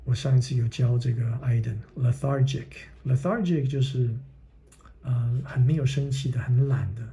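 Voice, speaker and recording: In a steady, warm, mid-range voice, a man acting as reader and teacher takes his time reading a children's book aloud. He halts to explain words in another language and occasionally lowers his voice to a whisper.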